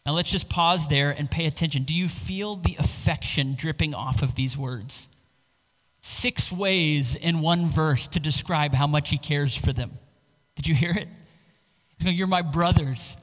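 A man preaching a sermon as pastor, earnest and expressive, stressing scripture lines with feeling. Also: on the high side, unhurried, in a large hall, poor audio.

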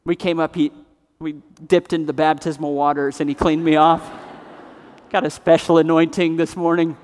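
A man preaching a sermon as pastor, swinging between loud emphatic passages and hushed, grave ones. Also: fairly high pitch, level tone, normal speed, a little hiss or hum. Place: church sanctuary. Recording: long reverb of a large hall.

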